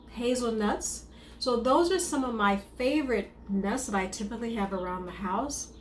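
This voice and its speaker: Woman chef-coach, mid-pitched, casual advice to camera, reverberant room. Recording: echoey room with faint noise.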